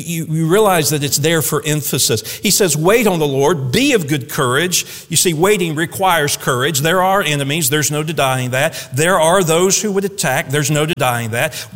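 A man's voice: a little high, fairly bright tone, big-room sound. A man preaching a sermon as a pastor, emphatic, building on repeated phrases.

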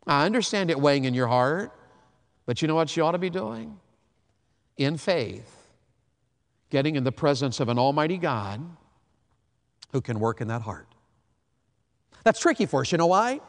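A man, preaching a sermon, swinging from hushed to loud. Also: a little high, sing-song, normal speed, pauses often. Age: 50s. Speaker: pastor. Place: large church hall. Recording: long hall reverb.

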